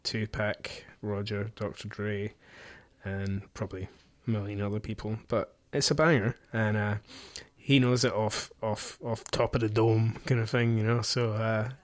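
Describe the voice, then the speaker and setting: A man's voice: on the low side, little pitch movement, unhurried. A man hosting a radio show, chatting casually and rambling with many fillers. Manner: rambling, lots of ums and uhs. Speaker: radio host.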